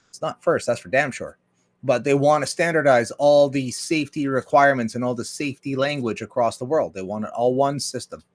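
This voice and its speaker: A man hosting a livestream, ranting bluntly and profanely, and reading viewer messages aloud. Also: medium pitch. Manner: reads viewer chat aloud. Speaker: livestream host. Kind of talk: casual ranting commentary.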